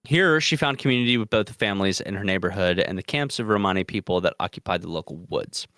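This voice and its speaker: A man's voice: fairly low pitch, fast talker, fairly bright tone, no echo. Dry-sounding man reading true crime notes. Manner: casual, profane, reads notes with asides. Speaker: podcast co-host. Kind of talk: casual true crime podcast chat.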